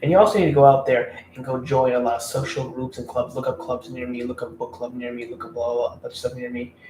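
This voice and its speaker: A man's voice: medium pitch, fairly even intonation, fast, warm tone. A man giving blunt dating advice in a casual, rambling, profane rant to camera. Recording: roomy room, mic at a distance, faint background noise.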